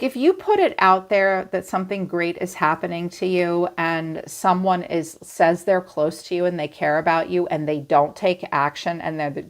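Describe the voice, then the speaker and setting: A woman giving a casual tarot reading, talking straight to her viewers in a blunt, chatty way. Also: on the low side. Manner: blunt, chatty, swings into playful quoted voices. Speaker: tarot reader.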